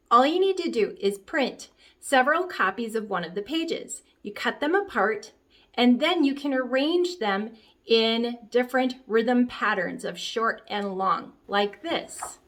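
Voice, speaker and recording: A woman teaching a rhythm lesson for preschoolers, speaking slowly and clearly in a fairly high voice. She explains each step of the activity patiently. Soft music plays faintly behind her. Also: lively intonation. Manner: slow, clear, demonstrating rhythms by chanting. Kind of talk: instructional explanation.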